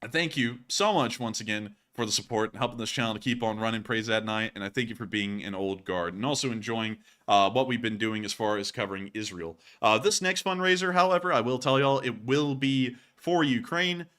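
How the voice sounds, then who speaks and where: A man's voice: medium pitch, a little fast, hardly any pauses, fairly bright tone, smooth. A man with a Southern US accent hosting a casual news livestream, rambling with many fillers as he thanks donors. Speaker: host of a war news livestream.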